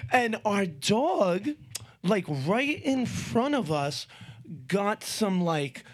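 This high-pitched male host chats loosely from home, a little stoned. His stories wander and are full of swearing. He talks the way a man does when hanging out with friends. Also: big pitch swings, extremely slow. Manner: rambling, profane storytelling. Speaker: podcast host. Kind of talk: casual chat.

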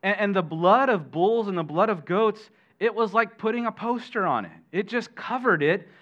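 A middle-aged man preaching a sermon as pastor, animated, questioning his listeners and adding jokey asides. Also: high-pitched, normal speed. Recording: dull lo-fi sermon recording.

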